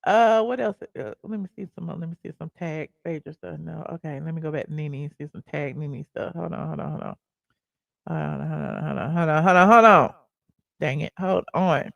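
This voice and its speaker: A woman's voice: deep voice, brisk, vocal fry, fairly bright tone, no room sound. A woman hosting a live celebrity gossip show, chatting casually and reacting to clips with a lot of "okay" and "honey".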